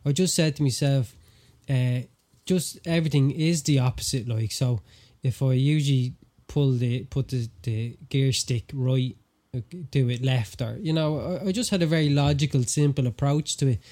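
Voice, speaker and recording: Irish man telling a story, mellow voice. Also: medium pitch, normal speed. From Ireland. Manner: animated storyteller, acts out quotes. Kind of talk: casual chat.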